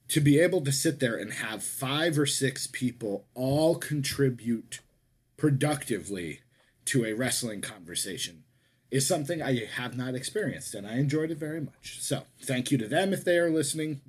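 A man's voice: mid-range voice, breathy edge. A man co-hosting a casual wrestling podcast, talking in a rambling way that keeps correcting itself. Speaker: podcast co-host.

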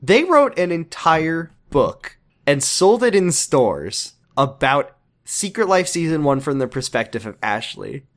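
A man co-hosting a podcast in casual chat, animated, laughing often and swearing. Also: on the high side, a little slow. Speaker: podcast co-host.

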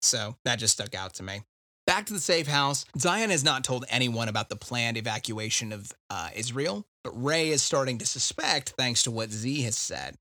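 A man's voice: medium pitch, bright, forceful tone, no echo, studio quality. A man hosting a casual book discussion podcast, recapping chapters with wry asides. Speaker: podcast host.

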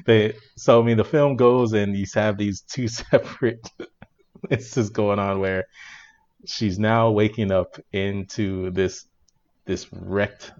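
Man, lowish voice, chatty movie-review co-host, laughs a lot, dull lo-fi sound. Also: slow pace. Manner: animated, laughing retelling with restarts. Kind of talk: casual movie review chat.

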